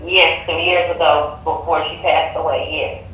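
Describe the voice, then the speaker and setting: A woman calling in for a tarot reading, answering hesitantly and softly. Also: deep voice, flat delivery, moderate pace. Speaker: caller getting a reading. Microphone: phone earbud. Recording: distant, echoey phone line with faint noise.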